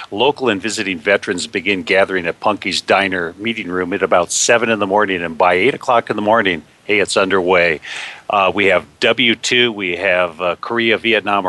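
An effusive man speaks as a guest on talk radio and keeps the praise coming between his fillers. His voice sits a little low but has a bright, forceful edge. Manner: effusive and agreeable, with many fillers. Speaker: guest, veterans' historian. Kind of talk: radio interview chat.

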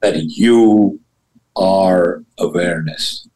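Emphatic, lively man with a lowish voice. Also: very slow, poor audio. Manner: emphatic and lively, swooping pitch, blunt casual wording. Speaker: guest spiritual teacher. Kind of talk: animated interview talk about spirituality.

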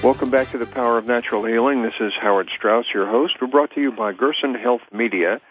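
A man hosting a health talk radio show, speaking haltingly with many fillers and restarts. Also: medium pitch, soft background music. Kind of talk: hesitant talk radio interview. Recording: tinny phone-line sound.

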